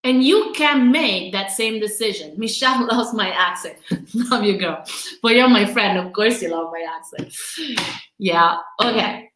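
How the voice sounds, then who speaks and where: A woman with a non-native accent coaches live from home during quarantine, her somewhat high voice bright and forceful. She is candid, emotional, and quick to laugh, heard through a rough, roomy recording with slight background noise.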